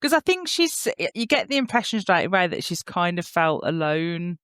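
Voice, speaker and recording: A woman's voice: on the low side, sing-song, fairly bright tone, clear, resonant tone, no room sound, studio quality. A woman with a British accent, guest on a podcast, chatting casually about a TV episode and laughing often. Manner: unhurried, agreeable, laughs often. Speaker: guest co-host. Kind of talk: casual recap chat.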